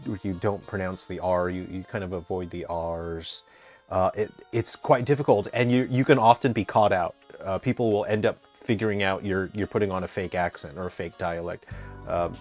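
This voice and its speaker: Man, very low voice, chatty game-dev commentator, digressive, self-correcting, faint game music behind. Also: normal speed. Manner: rambling, digressive, explains terms at length; frequent restarts and self-corrections. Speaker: game developer playing and commenting. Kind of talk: casual gameplay commentary.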